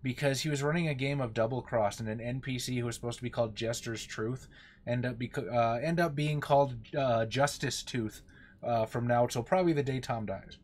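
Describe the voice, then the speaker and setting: A man's voice: mid-range voice, fairly quick. A young man from the Las Vegas area, born in West Texas, streaming a game with his partner, wry and grumbling, mocking her voice in quotes. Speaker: streamer co-host. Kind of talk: casual chat while streaming a game.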